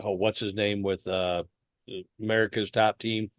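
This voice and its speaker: A man co-hosting a casual podcast chat, relaxed, recalling details with some halting restarts. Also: lowish voice, no room sound, studio quality. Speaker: podcast co-host.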